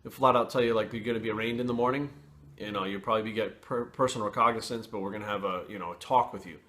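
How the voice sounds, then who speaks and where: A man telling a personal story to camera in casual, blunt and profane talk, pausing and restarting as he goes. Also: lowish voice, steady tone, sharp tone. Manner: blunt and profane, frequent swearing; candid, with pauses and restarts.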